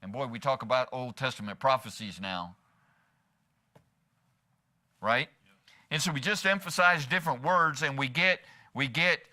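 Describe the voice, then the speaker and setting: A man's voice: mid-range voice, expressive, moderate pace, sharp tone. A man as pastor preaching a sermon in church, asking the congregation rhetorical questions and slipping in humor.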